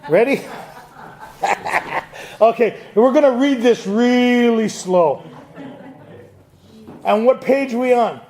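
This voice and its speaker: A man with a high, gravelly voice leads a group study, firing questions at the room and teasing people with a laugh. He talks to a live audience in a meeting room. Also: slow, pauses often, darkish tone. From Canada. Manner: quizzes the audience, joking and laughing. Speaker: AA speaker leading a Big Book study. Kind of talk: lively talk to a recovery group.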